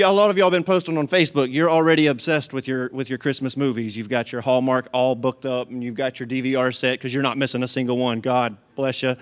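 A man preaching a sermon to his congregation in a folksy, joking, animated way. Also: sits high, clean tone. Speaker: pastor.

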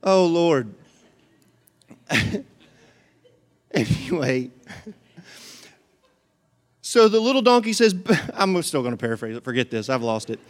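A middle-aged man preaching a sermon, telling a story with lively acted-out voices and frequent laughter. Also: medium pitch, measured pace, long pauses. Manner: animated storytelling, acts out voices, laughs often. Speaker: pastor.

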